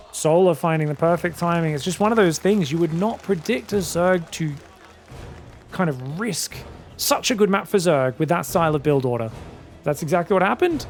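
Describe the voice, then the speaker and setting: A man commentating a strategy game solo, quick excitable play-by-play with casual asides to his viewers. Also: fairly high pitch. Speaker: esports caster.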